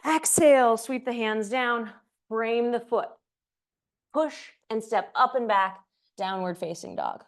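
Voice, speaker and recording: A woman's voice: on the high side, sing-song, takes it slowly. A woman teaching a yoga class, calling poses in time with the breath and slipping in chatty asides; she is out of breath from moving. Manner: breath-paced cues, chatty asides with light laughs. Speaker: yoga instructor. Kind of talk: cueing a live yoga class.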